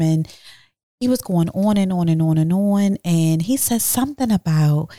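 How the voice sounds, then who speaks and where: A woman hosting her own podcast, telling a personal story in a blunt, animated way, swearing freely and talking straight to her listeners. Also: fairly low pitch, measured pace, no room sound, clean studio sound. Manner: speaks directly to listeners. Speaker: podcast host. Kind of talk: casual storytelling monologue.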